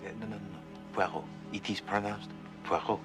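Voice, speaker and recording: A fastidious, vain Belgian detective, played by a man with a Belgian French accent and a lilting, very animated delivery. He pronounces his words with fussy precision and a touch of pomposity. A film score plays beneath him. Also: medium pitch, over loud music, lightly acted. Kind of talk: 1980s-90s TV period drama acting. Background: background score.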